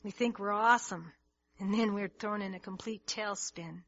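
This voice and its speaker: A woman's voice: mid-range voice, moderate pace, fairly bright tone, dull audio. A woman preaching a sermon to a congregation, earnest and emphatic, often restarting her words. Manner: earnest, emphatic, with many restarts and rising intensity. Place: church hall with congregation.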